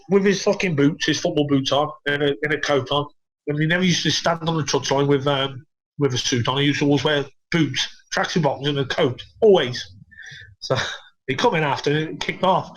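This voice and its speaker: High-voiced man swearing through stories. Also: poor audio. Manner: swears a lot, laughs loudly while telling stories. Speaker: podcast guest, former footballer. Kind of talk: casual anecdote telling.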